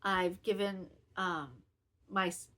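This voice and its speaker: A woman's voice: medium pitch, steady tone, takes it slowly, sharp tone. A woman in her fifties hosting a knitting podcast, talking candidly and self-critically in a rambling, casual way. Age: 50s. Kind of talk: casual personal chat.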